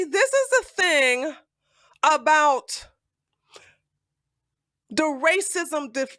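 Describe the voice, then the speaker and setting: A woman streamer giving blunt, profane live-stream commentary. She calls her listeners baby and honey with a sassy edge, and she breaks into loud outbursts. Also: high voice, dry recording. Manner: blunt, heavy cursing, rising to loud outbursts.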